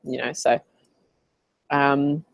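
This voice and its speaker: An Australian woman coaching in a casual live Q&A, chatty and animated as she tells stories. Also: extremely low pitch, drawn-out words, creaky, dry recording. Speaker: business coach.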